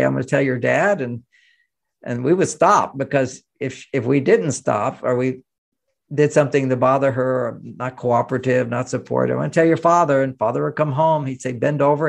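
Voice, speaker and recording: Gravelly older man, animated storyteller. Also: medium pitch. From United States. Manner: animated storyteller, acts out quoted voices. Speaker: guest. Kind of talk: interview conversation.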